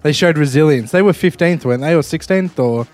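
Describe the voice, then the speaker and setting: An Australian man co-hosting a podcast from a hotel room, agreeable and quick to laugh, who talks himself around in circles. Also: a little high, a little mellow. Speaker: podcast co-host. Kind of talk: casual chat.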